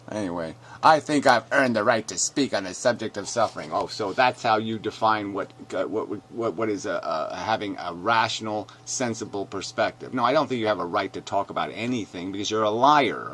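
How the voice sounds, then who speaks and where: Angry guy with a lowish voice swearing at comments he reads out, sneery, faint hiss behind. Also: animated, moderate pace. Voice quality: harsh, profane, mocking. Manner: shouts then mutters, sneering mock voices. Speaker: video commentator. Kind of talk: angry rant reading comments aloud.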